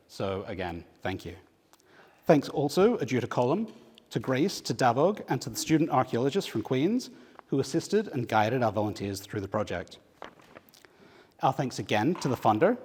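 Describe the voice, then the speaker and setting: A man's voice: medium pitch, a little mellow, slightly rough. A man hosting a museum event, reading a prepared list of thanks and introducing the speaker. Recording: reverberant hall.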